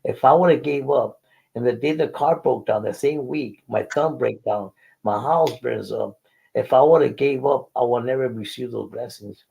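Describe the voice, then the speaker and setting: A man's voice: mid-range voice, moderate pace, vocal fry, warm tone, slightly rough, rough recording. An older man, telling a faith testimony in an interview and acting out the dialogue earnestly. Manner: earnest storytelling, acts out dialogue. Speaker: guest.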